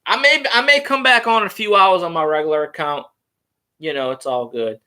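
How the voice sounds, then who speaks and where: A man's voice: sits high, brisk, sharp tone. A man, rambling casually and crudely on his fan vlog. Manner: loose, rambling and crude, with fillers. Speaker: fan vlogger.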